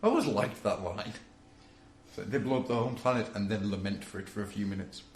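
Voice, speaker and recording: A man's voice: fairly low pitch, a little fast. A man co-hosting a casual comedy podcast, reading out listener suggestions with amused chuckles. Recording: roomy echo with faint room noise.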